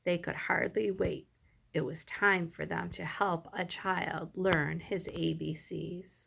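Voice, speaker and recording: A woman teacher reading a picture book aloud to young children, pausing to ask them questions. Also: lowish voice, steady tone, vocal fry, slightly rough. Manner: gentle, slow, addresses the children directly.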